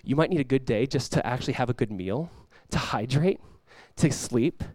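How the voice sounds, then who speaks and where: A man's voice: medium pitch, animated, moderate pace, a little mellow, no echo. A man preaching a sermon as pastor, talking casually with the congregation and rising into emphatic bursts.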